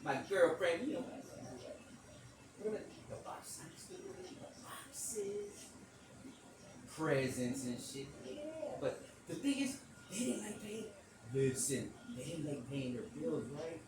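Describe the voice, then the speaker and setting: A man hosting a podcast, telling a rambling, animated story in speech, swearing casually and acting out the quotes. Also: fairly high pitch, unhurried, distant mic. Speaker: podcast host. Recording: echoey room, off-mic, background noise.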